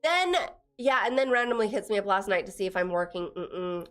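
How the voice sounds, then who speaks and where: A woman's voice: medium pitch, lively intonation, a little fast. A young woman from Texas chatting casually on a live stream, laughing often and teasing her viewers as she reads their messages. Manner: giggly, teasing, reads chat aloud.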